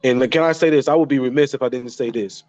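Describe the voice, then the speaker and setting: A man in his thirties speaks an emotional tribute to his father, stumbling over and repeating his phrases. His voice sits at an ordinary middle pitch. The sound is dry and a little muffled. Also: fast talker, a little mellow, no room sound. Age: 30s. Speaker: son paying tribute. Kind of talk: heartfelt spoken tribute.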